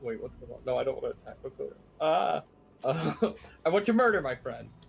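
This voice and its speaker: A man's voice: medium pitch, lively intonation, brisk, creaky. A man playing a tabletop game, describing his character's actions in rambling, filler-heavy talk. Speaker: player. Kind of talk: casual tabletop play.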